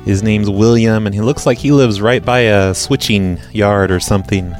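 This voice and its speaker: A man's voice: on the low side, moderate pace. Guy hosting a prank call show, dry sarcastic and crude, faint music behind. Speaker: show host reading voicemails. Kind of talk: casual call-in show chat.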